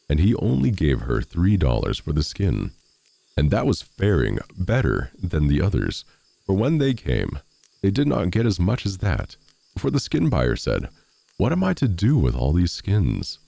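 A man reading a fairy tale aloud as a storyteller, in an expressive, animated way. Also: low-pitched, vocal fry, dry recording.

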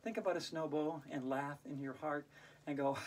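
A woman's voice: low-pitched, husky. Playful woman leading hula hoop yoga. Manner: playful, laughs out loud on cue; chants rhyming verses in a sing-song. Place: indoors while it snows outside. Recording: voice from a distance off the mic.

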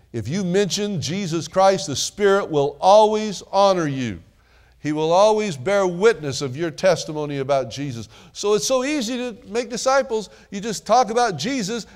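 Folksy conversational preacher man. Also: fairly high pitch. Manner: conversational preaching with folksy asides, calls for amens. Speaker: pastor. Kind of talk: sermon.

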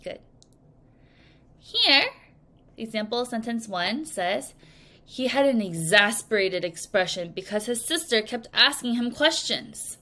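A woman teaching English vocabulary to children in a recorded lesson, speaking slowly and clearly and acting out example sentences. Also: fairly high pitch, animated, pushed and bright. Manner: slow, clear teacherly delivery with acted examples.

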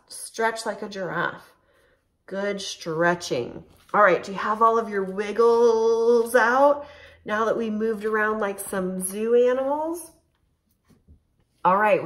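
A woman preschool teacher leading young children through circle time and an animal movement game, lively and encouraging, with a sing-song voice that sometimes drops to a whisper. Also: medium pitch.

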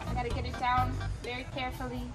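A woman's voice: high-pitched, monotone, quick pace, loud music behind the voice. A woman vlogging playfully with her toy llamas, talking to them in a bubbly, sing-song way. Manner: bubbly, sing-song, talks to toys in baby talk. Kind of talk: playful kids' toy vlog narration.

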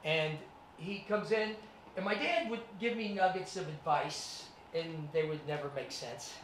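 A man's voice: a little high, a little slow, slight background noise. Man telling a motivational story. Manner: animated, acts out scenes. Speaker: guest speaker. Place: presentation room with students. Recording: echoey room, mic at a distance.

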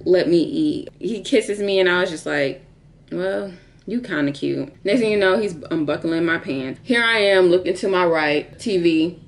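A woman in her twenties telling a candid, profane story in casual vlog chat, laughing often and jumping into squeaky high quotes. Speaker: storytime vlogger.

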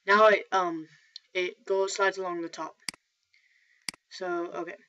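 A woman talking through a software tutorial in a rambling, casual way, often correcting herself. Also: on the low side, fairly even intonation, takes it slowly. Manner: rambling, self-correcting, filler-heavy. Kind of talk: casual screen-recorded tutorial. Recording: dull lo-fi mic with faint noise.

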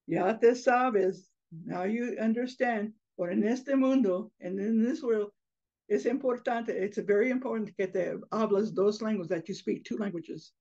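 A woman's voice: mid-range voice, measured pace, warm tone, lo-fi sound. A woman voicing a protective, clever mother mouse who speaks firmly and instructively. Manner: firm, teaching.

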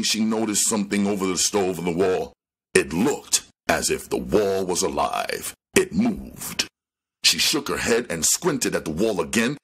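A man reading a crime novel aloud with expressive storytelling narration. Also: sits low, husky. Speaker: audiobook reader.

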